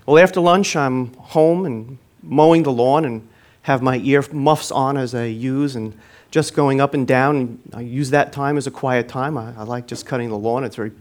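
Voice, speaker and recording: Man, preacher, sermon, earnest storytelling, mid-pitched voice, phrases that swell then trail off quietly. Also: normal speed.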